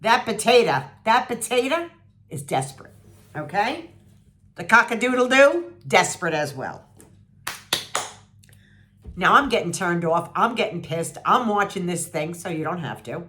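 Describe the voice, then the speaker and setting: A woman's voice: very animated, unhurried, pauses often, pushed and bright, a little hiss or hum. A woman in her sixties venting to her viewers about a TV show, blunt, sarcastic and salty, mimicking people and jumping up in disbelief. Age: 60s. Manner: blunt and salty, mocking voices, swings pitch up in disbelief. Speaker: vlogger reviewing a TV show. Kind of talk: animated, sarcastic rant to camera.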